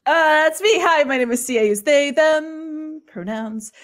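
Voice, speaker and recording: A woman's voice: sits high, measured pace. A woman who produces and performs in a tabletop show, speaking earnestly and pleading with viewers to support it in a casual panel interview. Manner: earnest, pleading, warm thanks.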